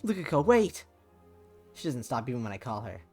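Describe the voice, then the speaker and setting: A man's voice: mid-range voice, very fast, gravelly. Man reading a visual novel aloud on stream, plain mid voice, loose and casual, a bit of music behind. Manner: casual reading with swearing asides.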